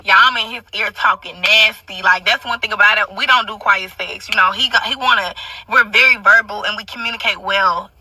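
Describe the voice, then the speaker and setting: A woman's voice: mid-range voice, brisk, pushed and bright, husky, no room sound, distant mic, rough recording. A young woman telling a story in a casual monologue, brash and profane, with constant asides to her listeners.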